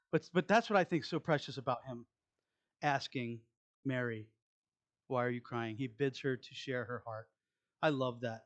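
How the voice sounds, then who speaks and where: A man preaching a conversational sermon as pastor, asking the congregation questions and dropping into soft asides. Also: medium pitch, dull audio. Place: church sanctuary.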